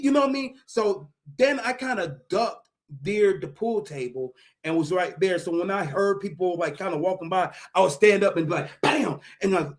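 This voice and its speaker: A man telling a story in casual, profane chat, acting out sound effects and voices and laughing often. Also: high-pitched. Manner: profane, slangy. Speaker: podcast co-host.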